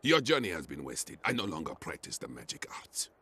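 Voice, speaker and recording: An actor playing a weary older male sage in a game cutscene, solemn and formal, with a deep gravelly voice and game music behind. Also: wildly swooping pitch, fairly quick, pushed and bright, full character voice. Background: game score.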